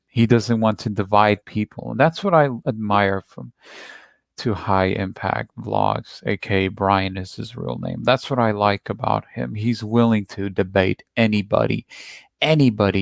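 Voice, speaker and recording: A man's voice: on the low side, normal speed, creaky, no room sound. A man hosting a reaction video, talking through a played clip in a rambling, repetitive, defensive way. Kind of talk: casual commentary on a played clip.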